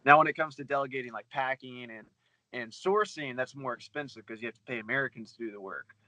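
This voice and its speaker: Man, interview guest, bright voice, dry close sound, casual swearing. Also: medium pitch, dry recording, rough recording. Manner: fast, loose, swears freely, many fillers. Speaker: guest, book reseller.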